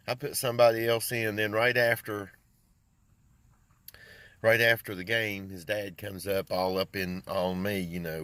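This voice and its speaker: A man's voice: on the low side, normal speed, fairly bright tone. An older man who runs a small engine repair and lawn care business, chatting casually and rambling in a folksy way. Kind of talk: casual vlog chat.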